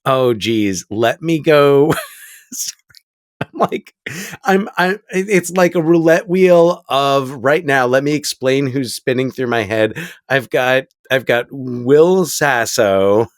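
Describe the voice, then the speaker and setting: A man's voice: medium pitch, expressive, slow, no room sound, studio quality. Rambling, laughing male podcast co-host. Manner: rambling, restarts sentences, laughs often. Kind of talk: casual movie podcast chat.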